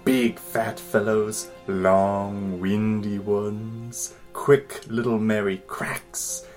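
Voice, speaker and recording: A man in a British accent playing a lusty early-1900s male letter writer. He reads slowly and lingers over each phrase. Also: on the low side, little pitch movement, darkish tone, soft background music. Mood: lustful. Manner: slow, lingering dramatic reading. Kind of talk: dramatic reading of a letter.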